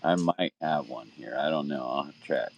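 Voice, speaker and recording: Very deep-voiced man giving short replies. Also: moderate pace, vocal fry. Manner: brief agreeing replies. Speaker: host. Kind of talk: casual chat.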